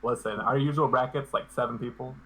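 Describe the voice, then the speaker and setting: A man's voice: medium pitch, fairly even intonation, fairly quick, fairly bright tone, breathy edge, low-quality recording. A man being interviewed as a guest on a live stream, talking in a laid-back, hesitant way and often restarting his sentences.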